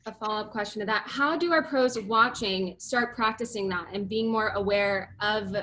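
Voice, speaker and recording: A woman's voice: mid-range voice, moderate pace, bright, forceful tone, a little hiss or hum, low-quality recording. A woman co-hosting an interview who asks hesitant, polite follow-up questions. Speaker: interview host.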